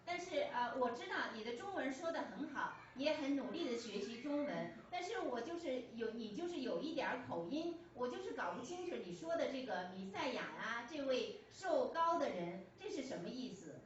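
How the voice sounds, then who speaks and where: Interpreting a sermon phrase by phrase, this woman speaks in a high, sing-song voice, a little fast and with few pauses, stumbling into fillers and restarts. It's recorded lo-fi in an echoey church hall, the mic distant and a faint hum underneath.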